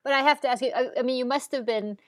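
A woman's voice: high-pitched, steady tone, very fast, no room sound. A woman interviewer asking probing follow-up questions.

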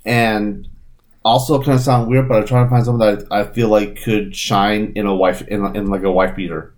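A man guesting on a casual podcast, halting and searching for words with many fillers. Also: fairly low pitch, flat delivery, a little mellow, slight background noise. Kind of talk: casual chat.

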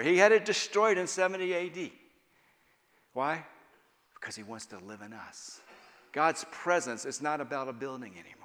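A man preaching a sermon at a conference, animated, moving between loud emphatic passages and hushed, quiet ones. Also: medium pitch. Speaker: guest speaker. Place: church hall at a conference. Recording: long reverb of a large hall.

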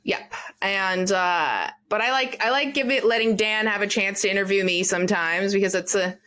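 A woman's voice: medium pitch, normal speed, fairly bright tone. A woman hosting a talk show, chatting playfully with her guest in a loose, filler-heavy way. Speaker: show host. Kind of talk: casual interview chat.

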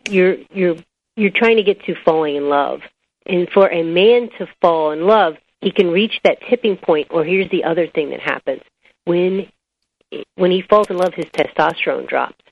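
A woman's voice: on the low side, normal speed, creaky, dry recording. A woman guest, an author and biology teacher, explaining her ideas step by step in an interview and telling anecdotes along the way. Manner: animated storyteller, explains step by step. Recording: dull lo-fi recording.

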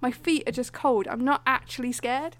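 A woman's voice: high-pitched, fairly even intonation, normal speed, fairly bright tone. A young woman telling a story in casual chat, acting out other people's lines with lots of laughter.

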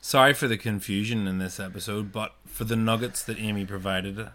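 A man's voice: lowish voice, steady tone, brisk, pushed and bright, slight background noise. A man, chatting casually as a podcast guest and playfully mimicking voices in his stories. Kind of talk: casual chat.

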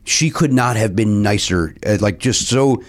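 A middle-aged man with a lowish voice speaks at a measured pace as he hosts a podcast. In casual chat he tells a travel story, animatedly acting out what other people said.

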